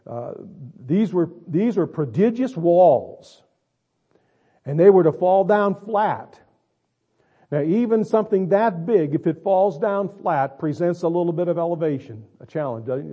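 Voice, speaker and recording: A man's voice: on the high side, animated, unhurried, husky, muffled recording. Preacher man, dramatic rising delivery. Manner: dramatic, swings between quiet and loud, stretches words. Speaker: pastor. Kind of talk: sermon.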